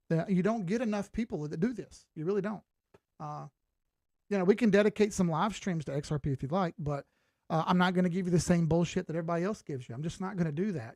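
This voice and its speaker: A man in his late thirties with a fairly high voice chats casually on a livestream. His delivery is laid-back, blunt and swears freely. The sound is dry and close, with no room echo. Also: darkish tone. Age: 30s. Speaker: crypto chart analyst and livestream host.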